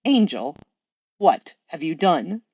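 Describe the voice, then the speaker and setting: Woman voicing a sardonic demon guy, drowsy, dry sarcasm, lowish voice, dull close recording. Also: sing-song, slow pace, a little mellow, breathy edge, exaggerated voice. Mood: incredulous.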